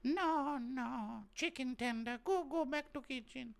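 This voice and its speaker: A man putting on a high strained falsetto to play a bossy mother who scolds her son and shoos him to the kitchen. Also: unhurried, gravelly, clean tone, full character voice. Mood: scolding.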